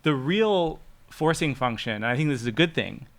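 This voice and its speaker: A man appearing as a guest on a tech roundtable, speaking in a measured, earnest way and restarting his sentences now and then. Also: medium pitch, lively intonation, vocal fry. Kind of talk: casual roundtable chat.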